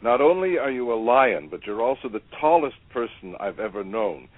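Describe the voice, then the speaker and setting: A man's voice: mid-range voice, big pitch swings, moderate pace, no room sound. A man hosting an interview, speaking earnestly and stumbling over repeated words. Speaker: interviewer host. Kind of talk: conversational interview. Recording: tinny phone-like line, dry.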